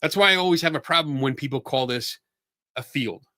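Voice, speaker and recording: A man's voice: mid-range voice, fairly quick, bright, forceful tone, dry recording, clean studio sound. A man with a Philadelphia accent and a stuffy nose hosts a casual livestream chat from a room at home. He rambles and halts, stumbling over restarts and laughing often. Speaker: podcast host.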